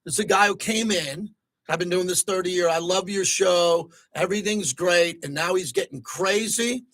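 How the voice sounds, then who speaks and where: A man's voice: high-pitched, normal speed, no echo. A man hosting a sports talk radio show from a studio, talking at length and getting worked up at times. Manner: excitable, rising to near-shouting when riled. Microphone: close studio mic.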